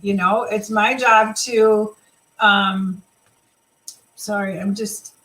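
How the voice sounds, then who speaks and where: A woman's voice: mid-range voice, steady tone, very slow, fairly bright tone, low-quality recording. A woman leading a live team video chat, talking casually and motivationally, rambling with fillers and restarts. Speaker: team leader.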